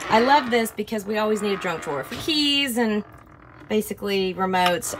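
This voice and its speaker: A woman's voice: medium pitch, moderate pace, background noise. A woman hosting a casual vlog, touring her motorhome and gushing over every little feature. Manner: gushing, excitable. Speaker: vlog host. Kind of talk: casual home tour vlog. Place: inside a motorhome.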